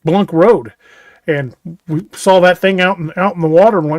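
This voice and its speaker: A man's voice: high voice, moderate pace, no room sound. A man co-hosting a podcast, telling stories in a folksy way and often restarting his words. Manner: folksy storyteller, stammers on restarts. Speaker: podcast co-host. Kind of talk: casual chat.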